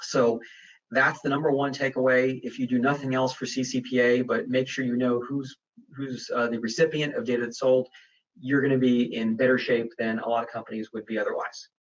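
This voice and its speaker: A man hosts a webinar question-and-answer session, his delivery loose and conversational, full of fillers and self-corrections. His voice sits in an ordinary middle pitch. The audio is muffled and comes from a little way off the mic. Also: flat delivery, a little fast, distant mic. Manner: conversational, many fillers and restarts. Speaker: webinar presenter on data privacy. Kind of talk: webinar Q&A talk.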